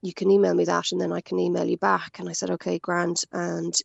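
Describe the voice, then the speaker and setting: An Irish woman guest on a radio talk show, recounting in lively storytelling how she was scammed, quoting what others said. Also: fairly low pitch, a little fast, gravelly, no room sound, lo-fi sound. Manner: animated storytelling, quotes others. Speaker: scam victim guest. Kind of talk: radio interview.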